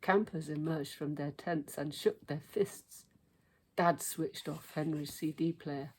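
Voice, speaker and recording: A woman reading a children's storybook aloud in an expressive, measured way. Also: low-pitched, breathy edge.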